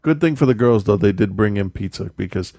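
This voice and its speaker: A man with a fairly low voice tells a story in loose, casual chat, often stopping to correct himself and laughing along the way. The sound is dry, with no room echo. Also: lively intonation, a little fast, mellow.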